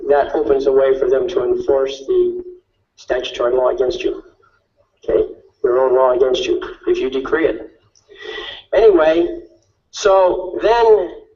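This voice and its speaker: A man's voice: fairly high pitch, a little mellow, far from the mic, highs cut off. A man giving an instructive talk on court tactics, asking rhetorical questions and often checking in with "okay?". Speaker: speaker on legal tactics. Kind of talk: lecture-style talk.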